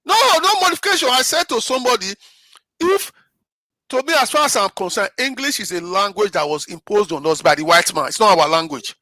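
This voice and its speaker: A middle-aged man with a Nigerian accent holds forth on politics in a high, bright voice. He is emphatic and keeps repeating himself, firing off rhetorical questions. The sound is dry and close. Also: lively intonation, a little fast, dry recording. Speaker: panel guest. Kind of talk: impassioned political commentary.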